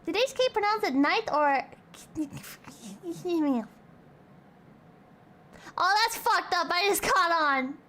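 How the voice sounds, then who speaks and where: A woman's voice: very high voice, expressive, takes it slowly, pauses often, sharp tone. A young woman streamer in casual chat, reading out donations, playful and crude and rambling.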